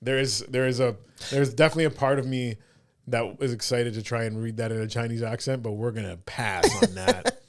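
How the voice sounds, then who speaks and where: A man's voice: mid-range voice, expressive, brisk. A man hosting a podcast in casual chat, joking and rambling. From Canada. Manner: joking, rambling, does mock voices. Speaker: podcast host.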